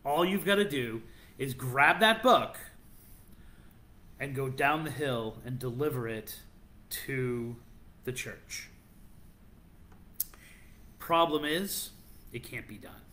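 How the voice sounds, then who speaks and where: Casting: playful male podcast host, bright tone, storytelling legends casually. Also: medium pitch, takes it slowly, pauses often, a little hiss or hum. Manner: animated storyteller, playful and teasing. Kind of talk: casual chat, telling legends.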